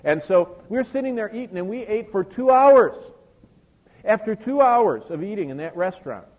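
An older male pastor tells a personal story to his congregation during a sermon, adding many asides. His high voice is animated and moderately paced, and the recording sounds tinny and phone-like with long hall reverb.

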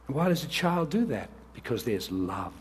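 A man's voice: medium pitch, sing-song, normal speed, breathy edge. A man preaching an earnest sermon as pastor, reading scripture and speaking directly to the children.

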